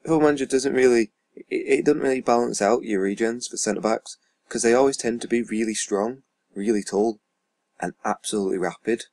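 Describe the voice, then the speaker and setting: Reading out stats from a football management game, a YouTuber rambles casually, swearing quietly and muttering asides. He talks fairly quickly in a mid-range, darkish-toned voice, recorded dry.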